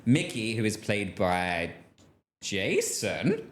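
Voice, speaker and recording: Young male co-host, low voice, playful and quick to laugh. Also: wildly swooping pitch, slight background noise. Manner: jokey, laughs often. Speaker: podcast co-host. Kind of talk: casual chat.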